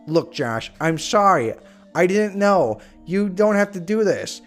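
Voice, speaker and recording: A man voicing a bumbling cartoon dad who pleads in a high, loud, whiny voice. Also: sing-song, a little slow, faint music behind. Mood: pleading.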